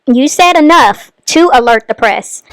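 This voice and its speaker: A woman's voice: high-pitched, animated, a little slow, fairly bright tone, dry recording. A woman hosting a commentary channel, talking casually as she reacts to and explains clips.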